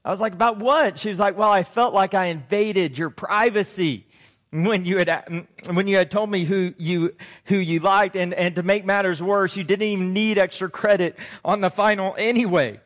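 Male pastor, forties, high voice, earnest, emotional, sermon storytelling. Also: moderate pace, fairly bright tone.

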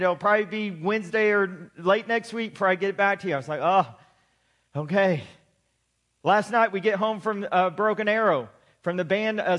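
High-voiced man preaching a sermon. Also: a bit bright. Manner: preaching with slow emphatic build-ups, then chatty joking asides. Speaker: pastor.

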